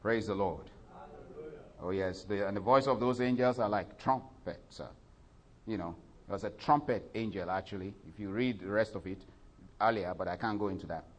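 Man preaching, swelling loud on scripture. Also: moderate pace. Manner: rises loud and high reading scripture, drops soft in asides; frequent fillers and self-corrections. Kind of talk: sermon.

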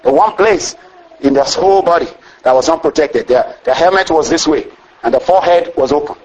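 A man preaching a storytelling sermon, animated, breaking into exclamations and chuckles as he retells the story. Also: a little high, fairly quick, highs cut off.

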